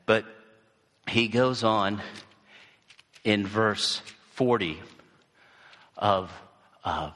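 A man's voice: lowish voice, extremely slow, pauses often, a bit bright. A man giving a sermon in a church hall, speaking emphatically and repeating key phrases.

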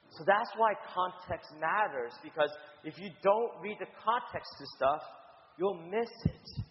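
A man preaching in a conversational teaching style, halting with stammered restarts and frequent "right?" checks. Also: high-pitched, big-room sound, dull audio. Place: church in Houston.

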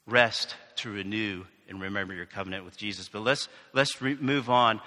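A man's voice: lowish voice, normal speed, pushed and bright. A male pastor from the United States preaching a conversational sermon with asides and questions to the congregation. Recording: reverberant hall.

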